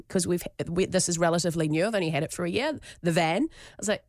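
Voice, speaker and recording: A woman co-hosting a breakfast radio show, telling an animated story with laughter and acted-out quotes. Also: lowish voice, quick pace, no room sound, studio quality. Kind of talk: casual chat, storytelling.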